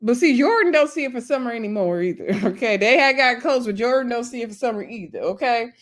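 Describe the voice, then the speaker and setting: Woman vlogger, chatty and animated, pitched a bit high. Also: fast. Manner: animated storyteller, acts out quotes, laughs often. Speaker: reality TV recap vlogger. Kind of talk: casual episode recap.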